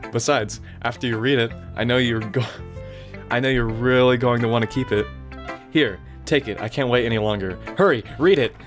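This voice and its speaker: A man's voice: medium pitch, moderate pace, soft background music, lightly acted. A man voicing a shy, obsessive teenage girl, reading her lines in a breathless, fawning way.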